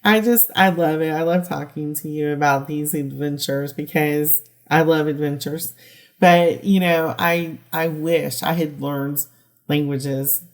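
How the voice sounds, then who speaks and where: A woman's voice: deep voice, steady tone, a little slow. A woman hosting a podcast interview, chatting casually and responding encouragingly with laughs. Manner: warm, encouraging listener who laughs along. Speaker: podcast host.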